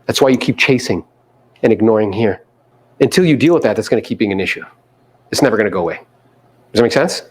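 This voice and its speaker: A man's voice: lowish voice, lively intonation, quick pace, pauses often. A man giving a live motivational seminar to a room of agents, quizzing the audience and mimicking people in playful voices. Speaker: real estate coach speaking to agents.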